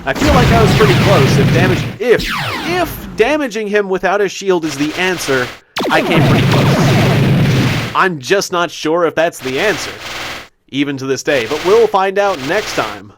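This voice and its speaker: A man's voice: high voice, lively intonation, normal speed, heavy background noise. A man hosting a gameplay recap, chatting casually with a self-deprecating, giggly manner and frequent restarts. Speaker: gaming video host. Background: loud game music.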